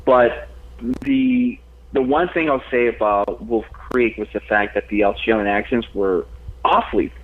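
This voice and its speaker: A man's voice: mid-range voice, measured pace. A laid-back American man co-hosting a podcast, chatting casually and agreeably. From United States. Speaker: podcast co-host. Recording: tinny phone-like line.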